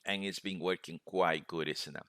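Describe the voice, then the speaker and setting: Deep-voiced man with a bright, crisp tone. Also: fairly even intonation, moderate pace, no room sound, clean studio sound. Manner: rambling, many fillers and self-corrections. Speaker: trading webinar host. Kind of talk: casual live screen-share lesson.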